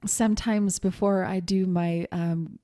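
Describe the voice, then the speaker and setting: A middle-aged woman talks through a lesson for fellow psychics in a relaxed, rambling way, filling pauses with ums and breaking into laughter. Her voice sits a little low and has a warm, mellow tone. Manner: conversational, laughs often, many fillers. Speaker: psychic teacher. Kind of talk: casual spoken teaching.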